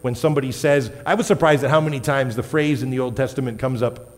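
Talking fast in a mid-range voice, this pastor delivers a relaxed, chatty sermon. He poses questions to the congregation and laughs lightly as he corrects himself, with long reverb filling the church hall.

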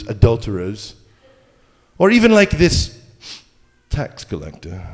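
A preacher putting on a pompous Pharisee. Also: male voice, mid-range voice, long reverb tail. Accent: put-on British. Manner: pompous, showy boasting. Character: smug self-righteous male Pharisee praying aloud.

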